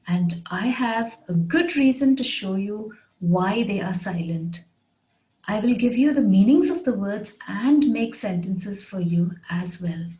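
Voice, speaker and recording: A woman's voice: mid-range voice, warm tone, poor audio. A woman teaching an English pronunciation lesson, spelling each word out letter by letter and repeating it. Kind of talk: slow scripted pronunciation lesson.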